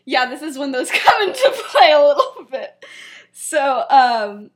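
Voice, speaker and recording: Giggly high-voiced young woman. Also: big pitch swings, measured pace. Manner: giggly, lots of "like" and "um" fillers. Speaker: podcast co-host. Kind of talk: casual chat retelling a story.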